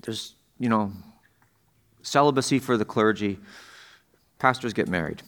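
A man's voice: fairly low pitch, lively intonation, unhurried, fairly bright tone. Man preaching in a chatty way. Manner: conversational preaching, asks the congregation questions. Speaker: pastor. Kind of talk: sermon.

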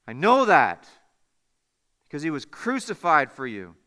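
A man's voice: on the high side, wildly swooping pitch, unhurried, smooth, long reverb tail. A man preaching a sermon as pastor, earnest and building to impassioned appeals. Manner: earnest, rising to impassioned appeals, then hushed.

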